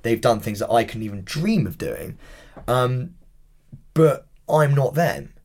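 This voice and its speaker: On a podcast, a guest in his thirties with an English accent tells lively stories in a casual chat, cursing freely. His voice is medium in pitch and his pace unhurried.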